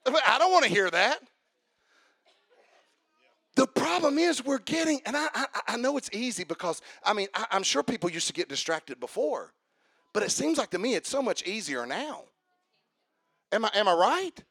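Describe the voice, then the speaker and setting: High, bright-voiced preacher. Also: male voice, very animated, moderate pace, long pauses, husky, dry recording. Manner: humorous, calls out to the congregation; builds to shouted emphasis. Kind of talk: sermon.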